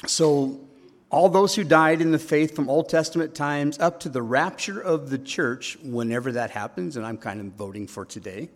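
A man's voice: fairly high pitch, normal speed. A man preaching a sermon as pastor, chatty and joking, often tagging lines with "okay?" and "right?". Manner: chatty, joking, leans on tag questions. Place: church sanctuary. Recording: long reverb of a church hall.

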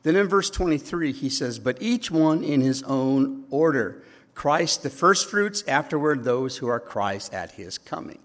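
A man delivers a sermon at an unhurried pace, mid-pitched and conversational. He jokes with his listeners and checks in with quick tag questions. His voice carries a long reverb from the church hall around him. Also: expressive, fairly bright tone. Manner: chatty, joking, leans on tag questions. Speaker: pastor. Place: church sanctuary.

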